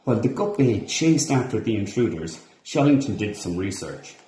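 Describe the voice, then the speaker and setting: Animated man reading a children's story. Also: lowish voice, moderate pace, echoey room. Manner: expressive, animated character voices. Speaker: storybook reader. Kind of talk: children's read-along narration.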